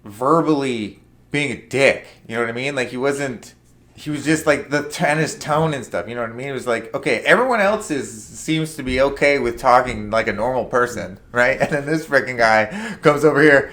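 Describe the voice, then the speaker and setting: A man's voice: mid-range voice, normal speed, a bit bright. A young man co-hosting a casual talk show, telling a long work story in a rambling way with many fillers and acted-out quotes. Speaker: podcast co-host.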